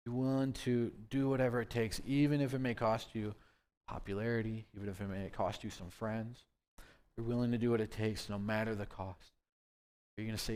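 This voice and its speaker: A man's voice: on the low side, fairly even intonation, fairly quick, darkish tone. Brief: male youth pastor, casual sermon voice, presses the listeners with questions. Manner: conversational, many rhetorical questions.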